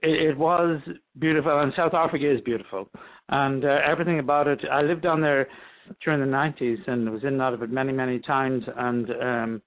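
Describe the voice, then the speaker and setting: A man's voice: medium pitch, steady tone, brisk, narrow, tinny audio. A man with a Northern Irish accent mixed with other accents, a doctor chatting in an interview, rambling with many restarts. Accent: Northern Irish, with a mixed international tint. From Northern Ireland. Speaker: doctor guest. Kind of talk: casual phone interview.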